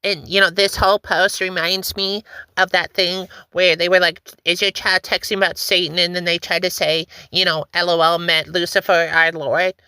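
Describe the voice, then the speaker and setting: A woman talks through memes in a loose, joking way, with a bright, forceful tone. Her voice is close and dry, with no room sound around it. She keeps things chatty and teasing, slipping into little voices for the posts she reads aloud. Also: fairly low pitch, little pitch movement, moderate pace, smooth, no echo. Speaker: host reacting to memes. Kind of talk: casual reaction commentary.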